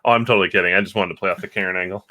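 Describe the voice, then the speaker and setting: Fast-talking, sarcastic man. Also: low-pitched, steady tone, sharp tone, no room sound, studio quality. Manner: joking, sarcastic. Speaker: tabletop game player. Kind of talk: casual tabletop game chat.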